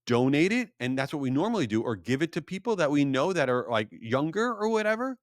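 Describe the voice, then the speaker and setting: A middle-aged man hosting his podcast, talking in a casual, animated storytelling way. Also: fast, no room sound, studio quality. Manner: animated storytelling, rising to exasperated high pitch. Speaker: podcast host. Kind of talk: casual solo podcast monologue.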